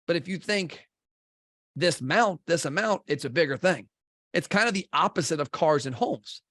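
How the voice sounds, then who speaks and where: Blunt, intense man with a higher voice. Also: animated, a little fast, a bit bright, dry recording, clean studio sound. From Kentucky. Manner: blunt and intense, swears casually. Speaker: podcast guest, restaurant marketing CEO. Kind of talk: blunt conversational interview.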